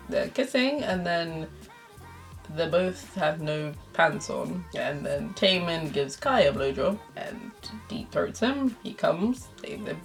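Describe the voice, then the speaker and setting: A woman's voice: lowish voice, vocal fry. A young adult woman vlogger reads her old fan fiction aloud, laughing and adding embarrassed, self-mocking asides.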